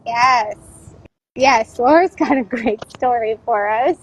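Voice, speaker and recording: A woman's voice: on the high side, takes it slowly, slightly rough, low-quality recording. A woman hosting a casual chat, enthusiastic and laughing often. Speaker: host.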